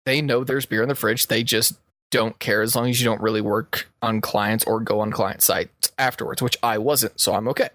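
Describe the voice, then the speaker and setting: A man's voice: on the low side, steady tone, normal speed, fairly bright tone, no room sound, clean studio sound. A man co-hosting a podcast, telling a work story in casual chat and laughing often as he goes. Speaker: podcast co-host.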